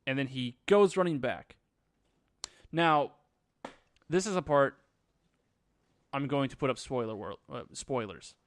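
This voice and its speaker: A man's voice: medium pitch, a little slow, pauses often. A young man reviewing a movie in a casual vlog, sarcastic, crude and rambling as he retells the plot.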